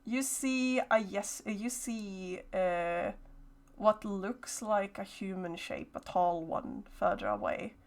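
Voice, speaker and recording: A woman narrating a horror tabletop game as game master, slow and hesitant with many fillers. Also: medium pitch, lively intonation.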